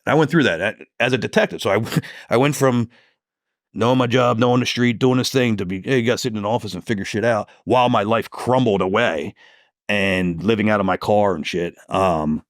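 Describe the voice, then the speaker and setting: A man's voice: lowish voice, fairly quick, no room sound, studio quality. A man, a police detective, telling stories from the job in a podcast interview, swearing freely and acting out heated phone calls.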